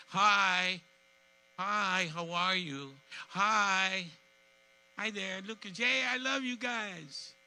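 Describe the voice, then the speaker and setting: An eighty-year-old man addresses an outdoor crowd as master of ceremonies. His voice is very bright and sharp, moving from hushed to loud as emotion takes him, and he repeats himself. A faint hum sits under the microphone. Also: medium pitch, vocal fry, low-quality recording. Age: 80s. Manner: heartfelt, repeats himself, swings from soft to loud. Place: outdoor community event.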